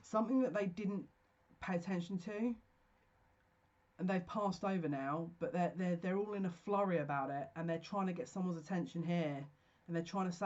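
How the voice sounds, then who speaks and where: A psychic reader talks straight to the viewer in a slow, stop-start way, pausing to search for words as messages seem to arrive. The recording sounds slightly dull and lo-fi. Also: medium pitch, a little mellow. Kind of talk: solo general reading to camera.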